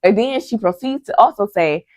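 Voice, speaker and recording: A woman's voice: medium pitch, lively intonation, moderate pace, a little mellow, dry recording. A young woman giving a chatty, gossipy reality-TV recap, talking straight to her viewers and acting out what people said. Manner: chatty and gossipy, addresses viewers as y'all, acts out quotes. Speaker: recap vlogger.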